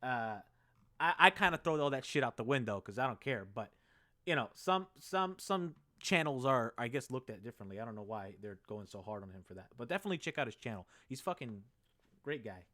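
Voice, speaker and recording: Excitable young man rambling on a live stream. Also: medium pitch, fairly quick. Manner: excitable, rambling, swears freely. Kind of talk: casual live-stream chat.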